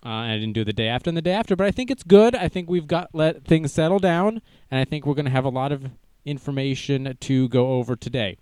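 A man's voice: mid-range voice, fast talker, a little mellow, smooth, dry recording. A young man hosting a casual livestream news show, joking and self-deprecating as he goes. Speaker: news stream host.

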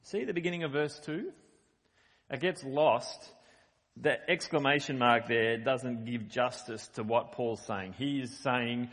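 A man's voice: medium pitch, lively intonation, unhurried, a bit bright. A middle-aged man giving a sermon in a conversational, emphatic way, reading scripture and explaining it. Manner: conversational, emphatic on quoted lines. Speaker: preacher. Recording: long hall reverb.

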